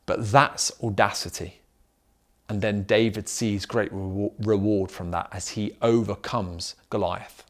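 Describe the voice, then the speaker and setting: A man's voice: lowish voice, fairly even intonation, a little slow. A middle-aged man preaching a sermon as pastor, driving his points home with repeated questions. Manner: emphatic preaching with rhetorical questions.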